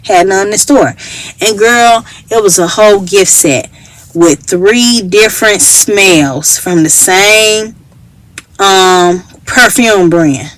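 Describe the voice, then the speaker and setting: A woman's voice: mid-range voice, no echo, low-quality recording. A woman from Chicago with a Chicago accent, telling a personal story in a casual, chatty way and acting out what others said. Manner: chatty, acts out quoted voices. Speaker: vlogger.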